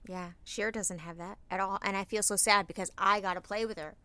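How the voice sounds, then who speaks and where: A woman in her thirties co-hosting a podcast, chatting candidly and swearing freely while telling animated stories about her children. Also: mid-range voice, fairly quick, smooth, no echo. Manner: candid, profane, animated storytelling. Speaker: podcast co-host. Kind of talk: casual chat.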